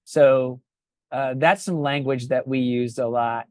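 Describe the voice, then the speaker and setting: Middle-aged male pastor, reflective podcast guest, mid pitch. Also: fairly even intonation, slow pace, dry recording. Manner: reflective, restarts phrases often. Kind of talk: casual podcast conversation.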